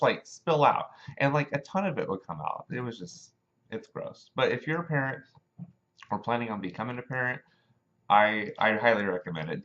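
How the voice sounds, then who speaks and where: A man hosting a casual monologue show, talking in an animated, rambling way with many fillers, in a dull lo-fi recording. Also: lowish voice. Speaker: show host.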